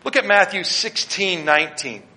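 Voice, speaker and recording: A Baptist pastor preaching a sermon, swinging between loud declarations and quiet asides as he speaks straight to his congregation and points them to their notes. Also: high voice, moderate pace. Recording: long hall reverb.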